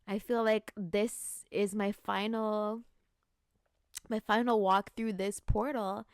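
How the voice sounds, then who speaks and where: Slow and level, this medium-pitched woman's voice comes through with studio quality and no room sound. She's a podcast host in her late twenties giving a reflective spiritual talk, earnestly pondering growth and intentions with plenty of "like"s.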